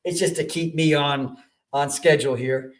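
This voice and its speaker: A man's voice: on the high side, fairly even intonation, normal speed. Rambling male radio host. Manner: rambling, self-interrupting promotion. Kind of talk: radio talk show.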